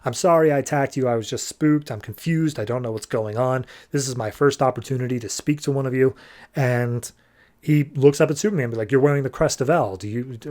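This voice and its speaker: A man's voice: medium pitch, a little mellow. A man hosting a comic book podcast, loosely retelling a story in casual chat and paraphrasing the characters' dialogue with lots of "like".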